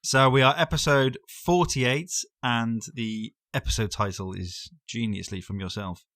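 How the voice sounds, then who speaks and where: A man with an ordinary mid-range voice, chatty and quick to laugh, recounting things casually as a podcast co-host. The sound is close and dry. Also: mid-range voice, a bit bright, dry recording. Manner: chatty, easily amused. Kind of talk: casual chat.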